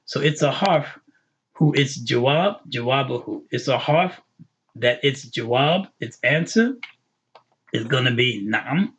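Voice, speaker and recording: A man explains Arabic grammar in an online lesson, going over each term more than once. His voice is husky and mid-pitched. The recording sounds dull and lo-fi. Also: animated, a bit bright. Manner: patient, repetitive explaining with quick English glosses. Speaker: Arabic teacher.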